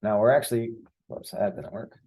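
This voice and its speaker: A man's voice: mid-range voice, fairly even intonation, normal speed, mellow. A man teaching a Spanish grammar lesson over a screen share, explaining each step patiently with the odd filler.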